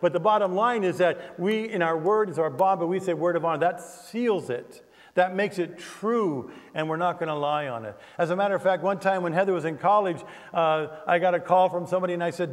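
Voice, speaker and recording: An older man, a pastor, preaching a sermon with animated delivery and humorous asides to his congregation. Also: high voice, brisk, long reverb tail. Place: church sanctuary.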